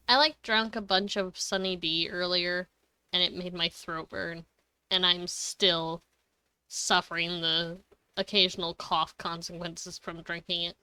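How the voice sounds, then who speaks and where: Young adult female streamer, loose rambling chat full of giggles and cussing; bright, dry close sound. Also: lowish voice, fairly even intonation, slow pace, clean tone, no echo. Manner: giggly, swears freely; rambling, self-correcting. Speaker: game streamer. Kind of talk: casual live-stream chat.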